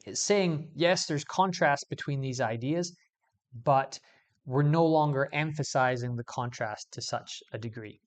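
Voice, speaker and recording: A man teaching English grammar in a video lesson, explaining clearly and stressing key words as he goes. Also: medium pitch, measured pace.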